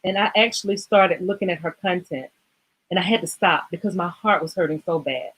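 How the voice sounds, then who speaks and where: Lower-voiced woman doing a fitness livestream, rambly and choked up, keeps saying sorry. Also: fairly quick, fairly bright tone, breathy edge, poor audio. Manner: emotional, rambling, apologetic. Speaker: livestream host. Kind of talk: casual livestream talk.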